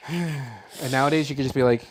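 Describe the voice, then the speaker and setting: A man co-hosting a movie podcast in a relaxed, unscripted chat. He talks loosely and swears freely, with animated asides and jokes. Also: medium pitch, a little hiss or hum. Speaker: podcast co-host. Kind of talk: casual chat.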